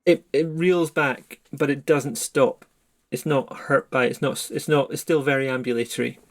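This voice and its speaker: A man running a horror tabletop game as game master, describing scenes in measured narration. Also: medium pitch, steady tone.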